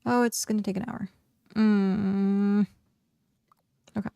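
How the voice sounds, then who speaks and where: A woman's voice: mid-range voice, fairly even intonation, slow, vocal fry, mellow, clear, resonant tone, no echo, clean studio sound. A woman streaming a game and chatting casually, filling her talk with "like" and laughing often. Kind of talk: casual livestream chat.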